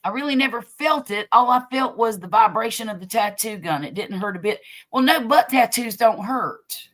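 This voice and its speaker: Southern woman, co-host on a craft stream, friendly, bright higher voice. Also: expressive, moderate pace. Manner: friendly, calls everybody honey. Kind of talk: casual chat.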